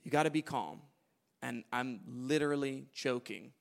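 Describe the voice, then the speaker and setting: Speaking at a moderate pace in a gravelly voice, a man gives a sermon that swings between soft, low-pitched asides and forceful, booming declarations. He tends to repeat himself and start phrases over.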